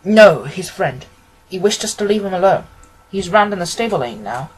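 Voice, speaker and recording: A man reading aloud who voices a stern, stubborn older banker speaking emphatically in a husky voice. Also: sits high, expressive, normal speed, poor audio. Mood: insistent. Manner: emphatic, insistent.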